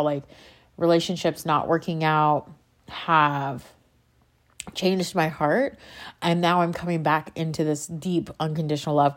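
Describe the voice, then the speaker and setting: Woman talking about god on her channel, kinda low voice, fired up and rambly, cuts herself off a lot. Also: a little mellow. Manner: impassioned, rambling, self-interrupting. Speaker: faith vlogger. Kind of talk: casual spiritual monologue.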